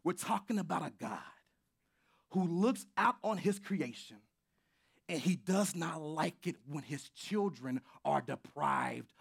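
A man preaching a sermon as pastor, swinging from shouts to near whispers, with informal, joking asides to his congregation. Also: fairly high pitch, expressive, takes it slowly, vocal fry, slightly rough.

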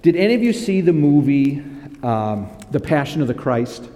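A man preaching a sermon, growing loud and high-pitched when he reads scripture aloud. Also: very animated, normal speed, in a large hall.

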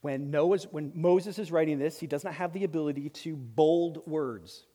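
A man with a high voice preaches a sermon, emphatic and swinging between loud exclamations and hushed asides. His voice rings out with a long reverb, as if filling a large hall. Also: moderate pace. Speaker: pastor.

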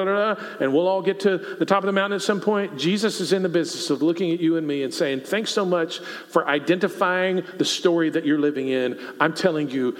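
Texan preacher guy, kinda high voice, chatty sermon w questions to the crowd, big echoey church hall. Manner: conversational preaching, asks the congregation questions. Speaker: pastor. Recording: long reverb of a church hall.

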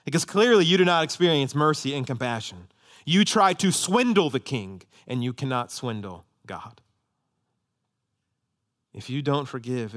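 A man preaching a sermon, impassioned, swinging from loud emphatic peaks to low hushed asides. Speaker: pastor.

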